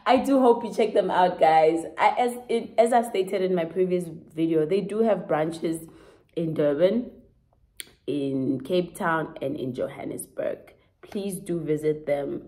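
A South African woman vlogger talks through a clothing try-on haul, gushing and dramatic, laughing often. Her voice is on the low side, a little slow and dark in tone, in a low-quality recording.

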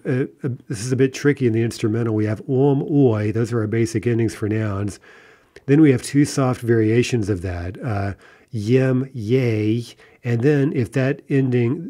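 A man's voice: fairly low pitch, dark tone. Man explaining grammar with lots of "right?". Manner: explanatory, often checks with "right?", many fillers and restarts; slows down to pronounce Russian examples carefully. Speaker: Russian language teacher.

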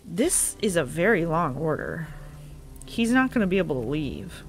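A woman's voice: fairly low pitch, very animated, normal speed, faint music behind. Profane, sarcastic woman gamer. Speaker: gaming video creator. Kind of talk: let's play commentary.

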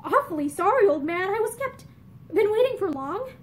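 A woman's voice: very high-pitched, expressive, normal speed, slight background noise. A woman reading aloud voices a cheerful, kindly young man in an old-fashioned storybook. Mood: cheery. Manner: cheery, eager.

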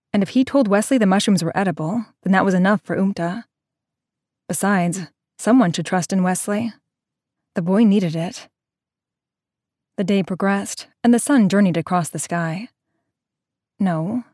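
A woman narrating an audio drama in a slow, measured storytelling manner. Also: medium pitch, a little mellow, no room sound, studio quality.

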